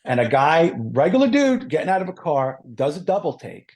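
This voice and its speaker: A middle-aged man telling stories in a casual podcast chat, animated and full of swearing. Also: a little high, normal speed. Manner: animated, profane storytelling. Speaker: podcast guest.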